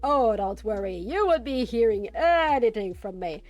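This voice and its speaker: A woman's voice: a little high, animated, normal speed, darkish tone, dry recording, close to an everyday voice. A woman voicing a smug, mocking male face that lives in a maze wall. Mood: gloating. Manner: gloating, mocking.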